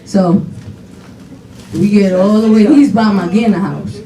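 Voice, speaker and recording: A daughter giving an animated eulogy at a funeral, telling laughing stories full of quoted dialogue. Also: female voice, medium pitch, measured pace. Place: funeral home chapel. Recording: echoey hall, voice from far off, faint noise.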